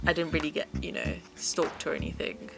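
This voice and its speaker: A young woman, a podcast host, telling a story in a lively way, laughing often and acting out the voices of the people in it. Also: sits low, a little fast. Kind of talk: casual chat. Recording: music playing under the voices.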